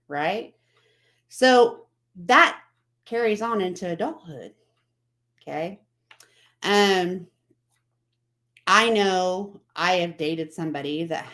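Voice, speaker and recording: A woman hosting a casual motivational talk, chatting and repeating herself as she quotes other people. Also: fairly low pitch. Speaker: vlog host.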